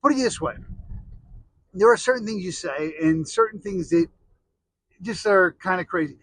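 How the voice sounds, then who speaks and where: A man's voice: high voice, lively intonation, moderate pace, fairly bright tone, breathy edge, dry recording, poor audio. A middle-aged American man telling rambling, jokey stories in a casual monologue, full of restarts and asides. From United States.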